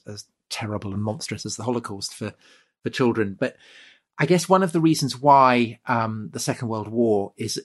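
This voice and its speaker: A man hosting a history podcast, talking enthusiastically with many ums and restarts. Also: on the low side. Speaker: podcast host. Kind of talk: casual podcast conversation.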